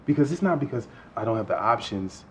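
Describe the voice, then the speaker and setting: An actor playing a poor, kindly middle-aged man who flirts in a smooth, earnest way and often drops to hushed tones, in a comedy film. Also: medium pitch, lively intonation, quick pace, a little hiss or hum, natural voice. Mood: smooth, flirty.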